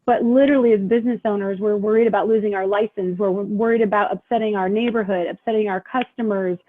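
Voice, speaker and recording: A middle-aged woman from Indiana who runs a small pub, telling her story at a town hall in a halting way, with many fillers and restarts. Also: medium pitch, steady tone. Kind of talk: emotional personal testimony at a town hall. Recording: tinny phone-line sound.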